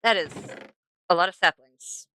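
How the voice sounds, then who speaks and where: A woman's voice: lowish voice, moderate pace, sharp tone, clear, resonant tone, dry recording. A young woman streaming a game, chatting to herself and to the animals she passes as she plays. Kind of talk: casual gameplay commentary.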